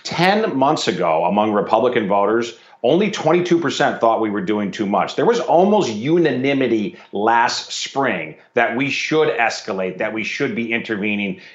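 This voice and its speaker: A man appearing as a guest commentator on a political show, arguing in a measured way and citing figures. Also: mid-range voice, very animated. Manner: measured, argumentative, citing numbers. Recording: echoey, dull remote line.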